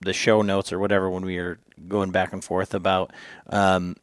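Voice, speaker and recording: A man's voice: low voice, completely flat delivery, normal speed, clear, resonant tone, no echo, clean studio sound. A man co-hosting a podcast in casual talk, rambling and chatty as he asks questions and tells stories. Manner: rambling, many fillers and restarts, chatty storytelling. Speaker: podcast co-host.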